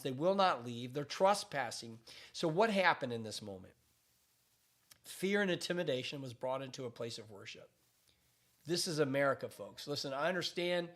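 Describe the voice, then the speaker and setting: A man's voice: a little high, a bit bright. A man speaking as a pastor, giving emphatic commentary on current events with repeated phrases and frequent restarts.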